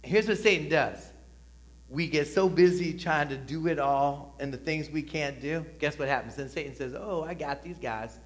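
A man's voice: on the high side, normal speed. Conversational middle-aged male pastor preaching. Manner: conversational preaching, rising emphasis, frequent "right?" asides. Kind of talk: sermon. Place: church sanctuary.

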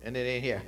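A preacher addresses his flock, prompting them to respond, his voice rising to emphatic loudness and then dropping to soft, low side remarks.

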